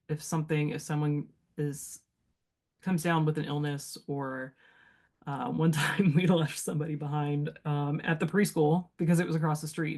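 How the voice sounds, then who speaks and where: A woman's voice: low voice, a little mellow. Teacher type, a woman thinking aloud on a podcast, loose and rambling, heavy on filler words. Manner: reflective, rambling with many fillers. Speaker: guest. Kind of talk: casual podcast chat.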